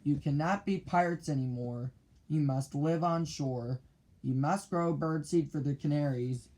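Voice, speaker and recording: A man voicing a kind, gentle adult male doctor who speaks calmly and politely, in a children's storybook reading. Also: fairly high pitch, unhurried, natural voice. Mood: stern. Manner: calm, polite.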